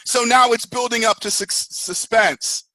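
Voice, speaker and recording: A man giving a motivational talk as a network marketing mentor, telling stories in an animated way and acting out screaming riders. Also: very high voice, a little slow, no room sound, poor audio.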